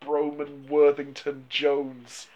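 Male podcast co-host, slightly high voice, swears a lot and laughs easily. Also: slow pace, lo-fi sound. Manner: profane, animated, laughs often. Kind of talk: casual film review chat.

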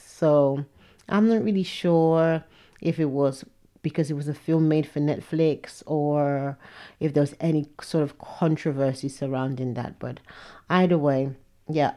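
A woman's voice: sits low, mellow. A woman hosting a podcast, chatting casually with frank, opinionated asides. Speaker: podcast host. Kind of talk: casual chat about awards and fashion.

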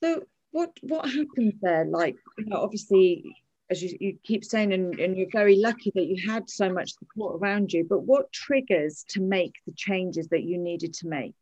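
A woman interviewing a guest with gentle, encouraging questions. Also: mid-range voice, expressive, moderate pace, lo-fi sound. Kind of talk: conversational interview.

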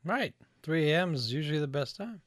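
A woman's voice: deep voice, lively intonation. A woman co-hosting a podcast, chiming in with teasing jokes in casual chat. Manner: teasing, quick joking interjections. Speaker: podcast co-host.

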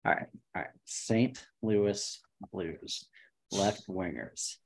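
A man co-hosting a casual sports podcast, excitable and swearing, muttering to himself as he searches. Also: low-pitched, takes it slowly, gravelly. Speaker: podcast co-host. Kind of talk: casual chat.

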